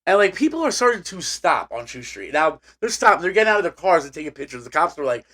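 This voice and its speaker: A man's voice: on the high side, fast. Rambling man telling stories on a podcast. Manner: rambling animated storyteller, lots of restarts. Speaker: podcast co-host. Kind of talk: casual chat.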